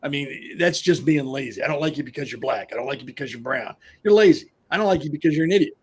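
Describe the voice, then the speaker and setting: A man co-hosting a panel show, talking bluntly and emphatically with a husky voice. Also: mid-range voice, lively intonation, quick pace. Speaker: co-host. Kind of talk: opinionated panel talk.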